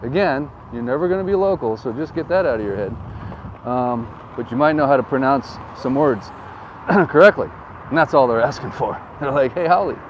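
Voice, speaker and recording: A man giving a casual, joking street tour, talking while moving outdoors into a wind-muffled mic. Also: medium pitch. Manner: upbeat, joking, rambling asides. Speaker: real estate agent giving a town tour. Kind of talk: casual chatty tour commentary. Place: outdoors on a town street, riding through. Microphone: wind-muffled mic with windsock. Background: faint wind and street traffic.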